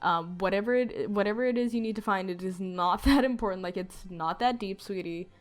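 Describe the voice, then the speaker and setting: A laid-back male mailman soothes a hurt kid with an easy drawl, as a woman puts him on in her own voice. His pitch stays in the middle range. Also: fairly quick, natural voice.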